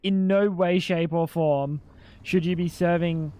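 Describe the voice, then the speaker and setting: A man's voice: fairly high pitch, steady tone, a little slow, dark tone. A young adult man streaming live, chatting casually with crude jokes and swearing, sounding incredulous.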